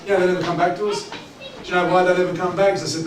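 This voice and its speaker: A pastor delivers a sermon with lively, joking, conversational energy in a racing, slightly high voice. He is heard from a distance in a very echoey church hall, with clear background noise and a crowd audible.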